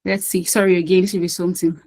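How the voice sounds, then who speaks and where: A woman's voice: fairly low pitch, little pitch movement, fast, warm tone, low-quality recording. A woman running a quiz over a video call. She talks in a chatty, coaxing way and often repeats phrases. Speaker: quiz host and session facilitator. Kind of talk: casual online quiz session.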